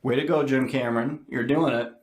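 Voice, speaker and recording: A man's voice: medium pitch, steady tone, brisk. Man recapping a film, echoey room. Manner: recaps scenes, acts out characters' lines. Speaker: podcast co-host. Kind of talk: casual movie recap. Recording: roomy echo.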